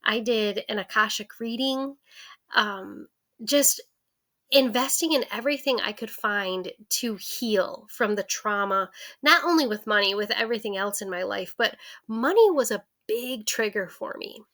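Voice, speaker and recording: A woman in her forties telling her personal money story to camera in a candid, lively way, acting out the voices of her family. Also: mid-range voice, measured pace. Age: 40s. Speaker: vlogger.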